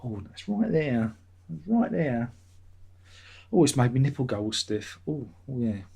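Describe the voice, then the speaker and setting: A man's voice: mid-range voice, big pitch swings, a little slow, vocal fry, mellow, husky. A man hosting his own vlog, chatting in a meandering way and swearing casually. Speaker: vlogger, channel host. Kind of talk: rambling casual chat.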